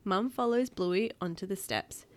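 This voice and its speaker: A woman's voice: medium pitch, a little slow. A woman reading a picture book aloud to her child, adding chatty asides.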